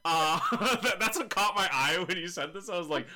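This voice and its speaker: A man's voice: high voice, animated, moderate pace, crowd noise. A man, co-hosting a casual tabletop game podcast, joking and rambling with fillers. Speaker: podcast co-host. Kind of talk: casual chat about tabletop games.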